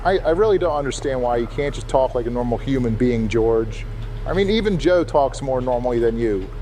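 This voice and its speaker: A man's voice: mid-range voice, expressive, brisk, dark tone, slight background noise, natural voice. Man doing an exasperated politician voice. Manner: sarcastic, exasperated, swearing. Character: exasperated male politician impression, easily irritated. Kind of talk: comedic gameplay voice impression.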